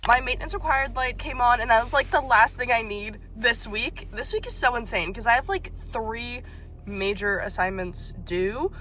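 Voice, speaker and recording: A woman's voice: a little high, lively intonation, moderate pace, pushed and bright. A woman in her twenties, a graduate student, chatting casually to camera in a diary vlog, tired and stressed, self-mocking and a bit dramatic.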